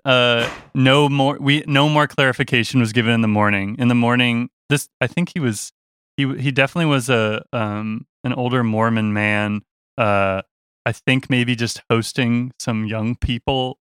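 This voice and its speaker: Bright, dry-sounding young man telling a story. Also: medium pitch, moderate pace, clean tone, no echo. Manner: animated, laughing, full of restarts. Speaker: touring musician guest. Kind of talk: casual storytelling.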